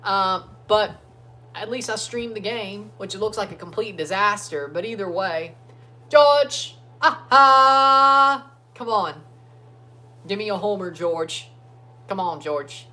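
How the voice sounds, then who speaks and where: A man hosting a casual sports watchalong livestream from his phone, talking loosely and breaking into excited chants for players. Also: high voice, moderate pace. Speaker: livestream host. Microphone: phone streaming app.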